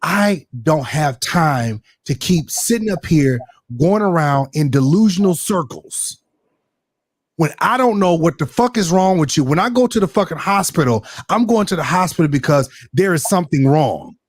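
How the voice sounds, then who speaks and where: Recorded in a clean studio with no room sound, a man with a higher voice speaks at a moderate pace as a guest on a casual talk-show podcast. His storytelling is candid, animated, and full of profanity, with the quoted exchanges performed out loud.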